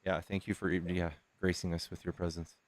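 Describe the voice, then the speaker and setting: A man's voice: low-pitched, flat delivery, normal speed, dry recording. A man hosting a casual debate stream, talking loosely with many fillers and restarts. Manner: casual, hesitant, lots of fillers. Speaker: stream host.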